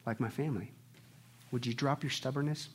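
A male pastor preaching a sermon, swinging between hushed near-whispers and loud, fervent delivery. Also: mid-range voice, brisk, slightly rough.

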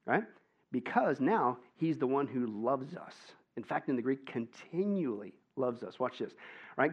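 A male pastor preaching a lively, conversational sermon and tossing questions to his listeners, on a dull lo-fi recording. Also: mid-range voice, unhurried, husky. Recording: dull lo-fi sound.

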